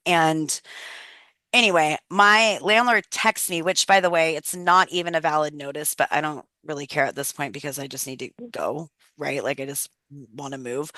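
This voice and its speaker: A woman's voice: deep voice, fairly bright tone, dry recording. A woman in her thirties leading a wellness workshop on a video call, telling personal stories in a chatty, candid way and swearing freely.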